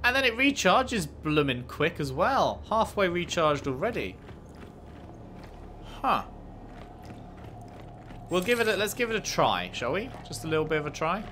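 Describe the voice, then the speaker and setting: Gamer, chatty commentary, bright lively voice, faint music behind. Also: male voice, sits high, normal speed, pauses often, a little hiss or hum. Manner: chatty, reads menus aloud, playful banter with the game. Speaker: gaming commentator. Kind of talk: casual let's-play commentary.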